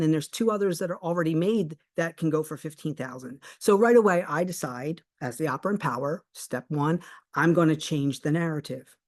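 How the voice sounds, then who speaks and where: A coach speaking at a middling pitch, earnestly pressing each point home. They slow to a crawl on the ideas they want to land, then pick up again while telling the story. It is a lively, animated telling that acts out both sides of a phone conversation. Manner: earnest and emphatic, slowing right down on key points. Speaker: manifestation coach. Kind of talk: motivational talk with a personal story.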